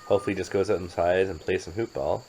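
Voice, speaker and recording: A man's voice: low-pitched, steady tone, fast, a little mellow, slight background noise, low-quality recording. A man narrating and commenting on his own gameplay in a playful, chatty way with jokey asides. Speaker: game commentator.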